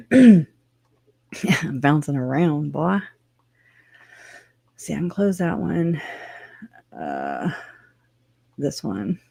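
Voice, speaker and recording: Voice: medium pitch, very animated, extremely slow, vocal fry, long pauses, dark tone, husky, no room sound. A livestream host in casual commentary who rambles, swears now and then and laughs often, talking at a computer at home.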